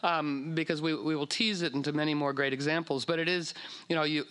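A man giving a casual talk, animated and acting out quoted voices, with many fillers and restarts. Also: a little high, brisk, clean tone. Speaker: speaker on astrology.

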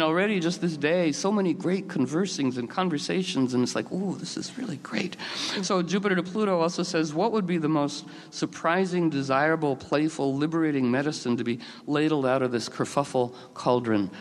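A man telling rambling, expressive stories, with many fillers and restarts. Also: a little high, a little fast, hardly any pauses. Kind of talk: casual storytelling talk. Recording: long hall reverb.

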